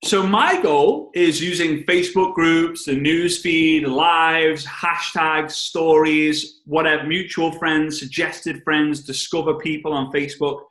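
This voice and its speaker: A man's voice: fairly high pitch, slow pace, few pauses, a bit bright. Jokey British man with an echoey sound. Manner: playful, jokey, breaks into song. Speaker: network marketing trainer. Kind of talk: energetic training talk on a call. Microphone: video call.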